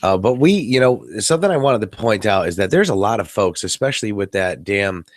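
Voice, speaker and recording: A man's voice: lowish voice, lively intonation, fairly quick, no echo. A tired man co-hosting a casual late-night podcast chat, rambling and joking, swearing now and then. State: tired, yawning. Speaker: podcast co-host. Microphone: webcam setup.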